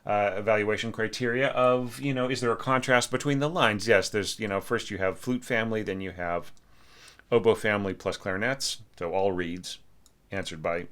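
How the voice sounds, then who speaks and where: An orchestration teacher gives casual, chatty feedback on a score, saying "you know" and "like" a lot and singing out notes. He's a man with a voice on the low side and a somewhat bright tone.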